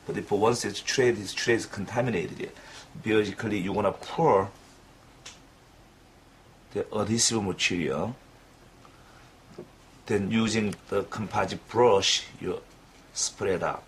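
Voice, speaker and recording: Guy walking through a dental procedure, lowish voice, lots of uh's and restarts, faint hum behind. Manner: halting, with frequent fillers and restarts. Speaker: dental instructor. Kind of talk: clinical demonstration lesson.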